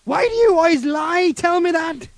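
A man's voice: very high voice, animated, moderate pace, creaky, voice pushed up, exaggerated voice. A man voicing a nagging, insistent caller with a put-on accent.

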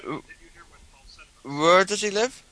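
A man's voice: sits high, slow, pushed and bright, no echo. A man from Northern Ireland with a Northern Irish accent, calling in and sounding confused and complaining. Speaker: caller. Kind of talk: casual call-in chat.

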